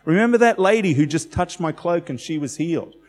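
A man's voice: fairly high pitch, animated, a little fast, in a large hall. A man preaching a sermon in a conversational, emphatic way, telling stories with animation.

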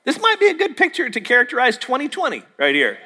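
A man delivers a sermon in a bright, ringing voice that sits high and swings widely in pitch. He tells stories and acts out the dialogue with jokey asides. His words carry a long reverb from a large hall. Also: wildly swooping pitch, fast talker, a little hiss or hum. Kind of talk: sermon with storytelling.

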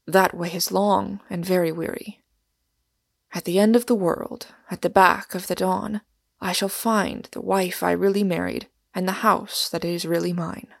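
A woman voices a towering, excitable young wanderer who talks with fervent, emphatic conviction. The voice sits a little low and gravelly, close and dry, as in a storybook reading. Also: unhurried, no echo.

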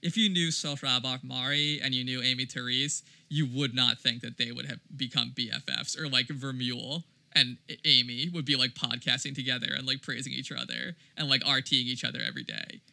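A man's voice: medium pitch, a little fast, creaky, few pauses, sharp tone, dry recording. A man co-hosting a podcast in casual chat, loose and heavy with "like" and "you know". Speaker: podcast co-host.

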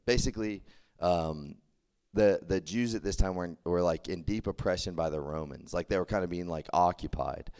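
A man's voice: low voice, moderate pace, darkish tone, clear, resonant tone. A young man from Texas, preaching a casual youth sermon, chatty and full of "like" and restarts. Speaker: campus ministry preacher.

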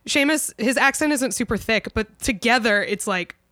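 A woman's voice: on the high side, normal speed, bright, forceful tone, no room sound, studio quality. A woman co-hosting a podcast, chatting casually with many "like" fillers and frequent laughs. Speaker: podcast co-host. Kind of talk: casual chat.

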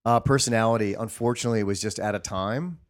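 A man's voice: fairly low pitch, quick pace. A male comedian in casual chat, earnest and chatty, often restarting his thoughts. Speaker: comedian podcast host.

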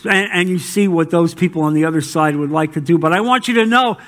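A man, a pastor, preaching a sermon that swings between loud emphatic calls and quiet low asides. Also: quick pace.

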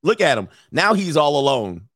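A man's voice: fairly high pitch, big pitch swings, normal speed, no echo, clean studio sound. A man giving casual, blunt reaction commentary to a video clip, speaking straight to his male viewers and swearing freely. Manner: blunt, profane, addresses viewers as gentlemen.

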